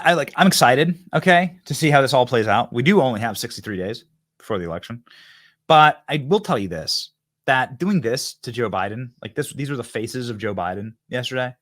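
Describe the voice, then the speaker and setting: A man in his thirties hosting a political commentary show, mocking and excitable, laughing and jumping his voice up for effect. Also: medium pitch, a little fast. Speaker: podcast host and commentator.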